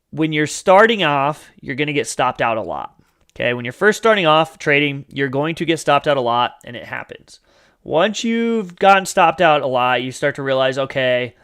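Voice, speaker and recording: A livestream host teaches trading in a casual live Q&A, chatty and full of fillers and "you guys," sometimes acting out a panicking trader. He has a medium-pitched, gravelly, smooth voice with a fairly bright tone.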